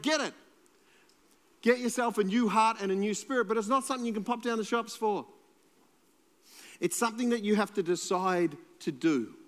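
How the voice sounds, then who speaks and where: A man preaching a sermon as pastor, earnest and moving between urgent and hushed delivery. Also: high-pitched. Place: church hall. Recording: long church reverb with faint music.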